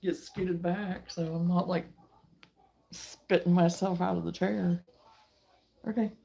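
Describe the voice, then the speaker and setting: A woman's voice: on the low side, little pitch movement, takes it slowly, vocal fry, mellow, breathy edge. A middle-aged woman hosting a casual crochet vlog from her chair at home, chatting to viewers and cooing at her dog in baby talk. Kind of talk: casual chat while crocheting.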